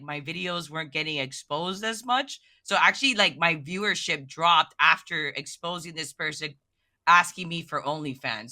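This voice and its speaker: Excitable woman with a very bright voice. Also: low-pitched. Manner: excitable, emotional, heavy "like" fillers. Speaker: guest miniature painter. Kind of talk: casual podcast chat.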